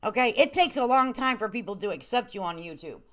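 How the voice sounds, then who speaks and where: Sassy, animated woman streamer. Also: mid-range voice, a little fast. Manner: sassy, blunt, playful scolding. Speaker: commentary stream host. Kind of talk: casual live-stream commentary.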